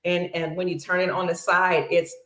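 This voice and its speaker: A woman hosting a livestream, chatting casually and warmly thanking viewers by name, calling them honey, sister and family, long-winded and bubbly. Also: fairly low pitch, level tone, moderate pace, reverberant. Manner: effusive and affectionate, calls viewers honey, sister, brother and family. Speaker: livestream host. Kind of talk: casual livestream chat reading viewer comments.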